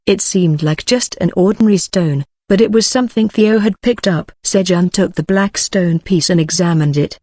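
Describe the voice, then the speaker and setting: Low-pitched woman narrating an audiobook. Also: normal speed, few pauses, dark tone, no room sound, studio quality. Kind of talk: scripted narration.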